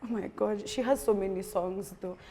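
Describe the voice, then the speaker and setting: A woman's voice: mid-range voice, moderate pace, dark tone, slight background noise. A young woman, a panelist on a TV studio show, chatting playfully and giggling through a party game. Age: young adult. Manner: playful, giggly, mixing in Swahili. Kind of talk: casual chat, party game.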